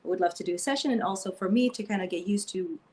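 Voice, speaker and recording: A woman guest in a relaxed interview speaks at a medium pitch, halting and hesitant, often pausing on small fillers and restarting her phrases. A faint ambient hum sits quietly behind her voice. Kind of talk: casual conversational interview.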